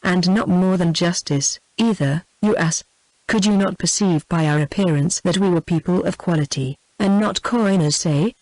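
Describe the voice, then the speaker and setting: A woman's voice: on the low side, normal speed, darkish tone, dry recording, close to an everyday voice, rough recording. A synthetic British female voice reading the lines of a bold, cool-headed young swordsman, with no change from her narrating voice. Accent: British English.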